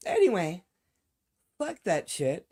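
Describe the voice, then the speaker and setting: Low, slow-talking blunt woman. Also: huge pitch swings, warm tone, breathy edge. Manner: blunt and heavily profane; fired-up ranting to viewers. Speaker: live streamer. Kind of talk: casual live-stream chat.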